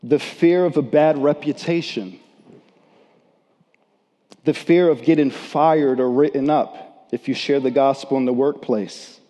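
A man preaching a sermon in an unhurried, deliberate way, his voice mellow and dark but set a little high. He leans hard on key words and slips into casual, slangy voices for the people in his story. Long reverb trails behind him, as in a big hall. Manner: emphatic, acts out quoted voices in slangy talk.

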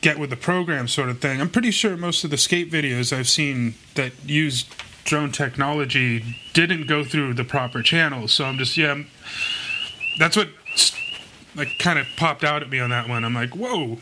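A man's voice: a little high, normal speed. A man chatting on a podcast, rambling and correcting himself as he goes. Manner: rambling, self-correcting, laughs softly. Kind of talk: casual chat. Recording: noticeable background noise.

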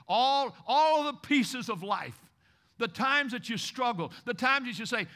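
A male pastor from Kentucky preaching a sermon, swinging from loud exhortation to hushed, intimate passages and repeating phrases for emphasis. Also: extremely high pitch, lively intonation, a little slow.

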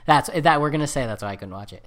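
An excitable man in casual conversation who rambles and jokes. His voice sits at an ordinary middle pitch, and his talk tumbles forward as his enthusiasm builds. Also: fast talker. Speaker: podcast co-host. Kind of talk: casual chat. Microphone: computer setup with camera.

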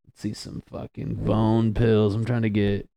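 A man's voice: on the low side, monotone, unhurried, vocal fry, warm tone, clear, resonant tone. A man doing a casual, crude comedic monologue as a podcast host, rambling and laughing at his own jokes.

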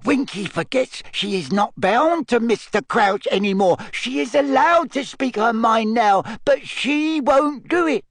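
Squeaky, confiding male house-elf; bouncy high voice, dry close sound. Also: lively intonation, unhurried, few pauses, a bit bright, no room sound, full character voice. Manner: confiding, speaks of others in third person. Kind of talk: reading a novel aloud with voices.

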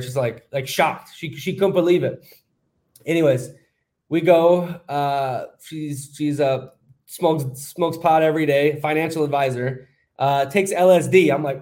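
A man's voice: on the high side, a little slow, darkish tone. A man co-hosting a podcast, telling a long story in a rambling, casual way with lots of fillers. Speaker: podcast co-host.

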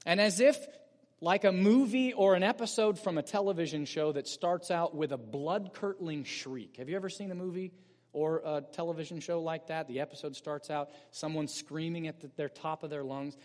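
High-voiced man preaching in a reverberant church. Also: moderate pace, a little mellow. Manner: earnest, explanatory preaching with emphatic rises. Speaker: pastor. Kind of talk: sermon. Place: church sanctuary.

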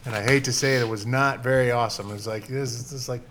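A man's voice: mid-range voice, fairly even intonation, fast talker, a crowd in the background. A man who has tended bar for years, chatting casually with a wry, sardonic edge. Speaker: bartender. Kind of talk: casual chat.

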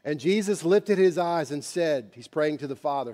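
A man preaching a sermon, telling a story dramatically and moving between hushed passages and loud ones. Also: on the high side, animated, normal speed. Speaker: pastor.

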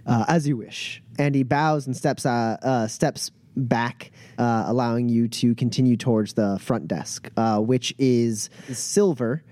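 A man narrating as game master of a tabletop role-playing game, describing scenes with many filler pauses. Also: mid-range voice, fairly even intonation, a little mellow, no room sound.

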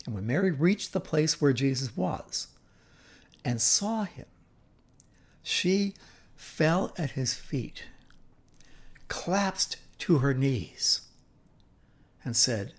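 A man preaching a sermon, retelling a scripture story with dramatic, deliberate delivery and hushed drops for effect. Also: fairly high pitch, expressive, breathy edge.

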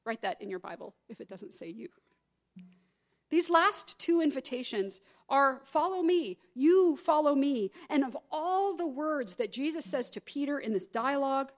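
Woman pastor preaching a sermon. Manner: expressive preaching, acting out quoted voices with rising pitch.

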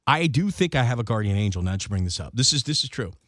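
Male radio co-host, mid-pitched, animated storyteller. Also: very fast, dry recording, clean studio sound. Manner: rambling, self-mocking storyteller, often restarts. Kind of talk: casual banter.

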